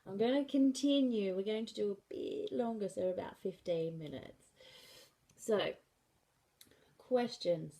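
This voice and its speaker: A woman teaching a sign language class in a slow, patient way, often checking in with "okay". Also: medium pitch, vocal fry, warm tone. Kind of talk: classroom lesson.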